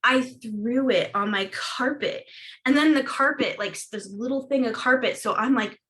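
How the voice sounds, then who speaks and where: A woman's voice: fairly high pitch, normal speed, fairly bright tone, rough recording. A woman hosting a casual video-call chat, telling a story with lots of laughs and fillers and acting out her own past reactions. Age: adult, recalls her teenage years. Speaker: host of a witchcraft group video chat.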